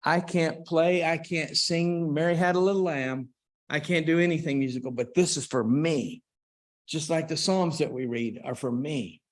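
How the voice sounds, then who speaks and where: A man preaching to a church congregation in an unhurried, conversational way, with restarts and asides to the listeners. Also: fairly high pitch. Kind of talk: church class talk on hymns. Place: church auditorium.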